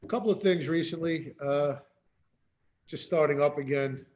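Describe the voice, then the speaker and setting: A man's voice: on the high side, normal speed, a little mellow, highs cut off. A man, an actor guest, chatting casually in short, plain remarks. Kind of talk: casual chat.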